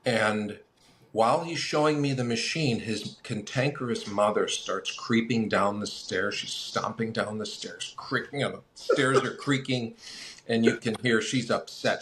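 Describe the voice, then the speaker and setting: A man, a guest on a collectors' chat, telling lively anecdotes and acting out the people in them. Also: mid-range voice, moderate pace, slight background noise. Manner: lively anecdotal storyteller with acted quotes. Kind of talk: casual storytelling.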